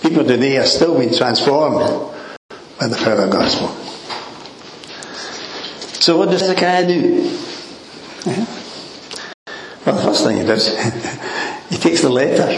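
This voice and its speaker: A man preaching in an easygoing, conversational manner, with frequent soft chuckles and asides to his listeners. His voice sits at an ordinary pitch and rings in an echoey room, with faint ambient noise behind it. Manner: conversational, chuckling, peppered with "you know". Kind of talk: sermon.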